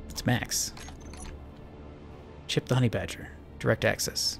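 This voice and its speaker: A man's voice: mid-range voice, unhurried, gravelly, long pauses, soft background music. A man giving casual, rambling let's-play commentary while playing a space building game, joking at his own expense. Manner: chatty, rambling, self-mocking. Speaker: gaming channel host.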